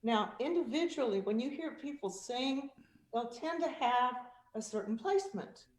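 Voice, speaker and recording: Animated woman coaching singers, echoey room. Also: on the high side, moderate pace. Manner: animated, demonstrative, laughs often, sings vocal exercises. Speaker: vocal coach and guest speaker. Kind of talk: vocal technique demonstration. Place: virtual meeting. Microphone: video call.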